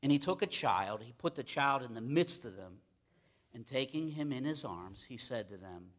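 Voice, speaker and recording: A man's voice: medium pitch, animated, moderate pace, fairly bright tone. A man with a mid-range voice teaches a Bible passage in an informal, talky way. He circles back, repeats key words for emphasis and restarts his sentences as he thinks aloud. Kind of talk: conversational sermon.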